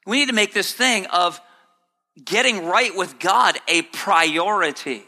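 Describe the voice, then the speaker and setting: Bright-voiced preacher in a reverberant hall. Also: male voice, measured pace. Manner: preaching, swings between low earnest and high sarcastic mock quotes. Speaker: pastor. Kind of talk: sermon.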